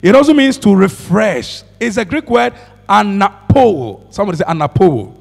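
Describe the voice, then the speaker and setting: A man's voice: sits high, big pitch swings, brisk, creaky, darkish tone, long reverb tail. A male pastor preaching a sermon to a congregation, calling for responses and repeating hallelujah. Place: church.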